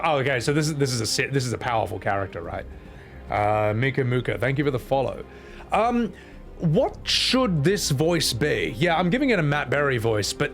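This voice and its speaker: A man's voice: medium pitch, very animated, normal speed, gravelly, faint music behind. A man giving casual, joking, rambling gameplay commentary as a streamer. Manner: joking, rambling, self-mocking.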